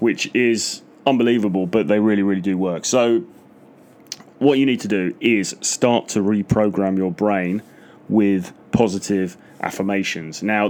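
Middle-aged man, casual advice talk, frank and self-mocking, slightly low voice.

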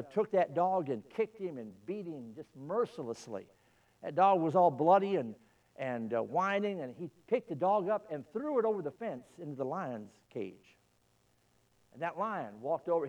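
A man's voice: a little high, darkish tone, distant mic, muffled recording. A man pastor preaching a sermon in a church, telling a story in a fervent style.

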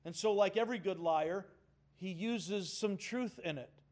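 A man preaching with a high, clear-pitched voice and slow, deliberate pacing. He is earnest and emphatic, and he draws the congregation into call-and-response. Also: a little mellow. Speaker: pastor. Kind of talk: sermon.

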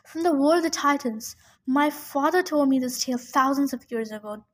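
Woman reading as a solemn ancient huntress girl, formal old-fashioned wording, high voice, storybook reading. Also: normal speed, lightly acted. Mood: grave, explaining.

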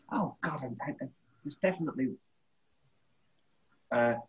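A man's voice: mid-range voice, takes it slowly, a bit bright, husky. A man co-hosting a casual film podcast, rambling and interrupting himself, often laughing mid-sentence. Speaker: podcast co-host. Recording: dull lo-fi podcast audio.

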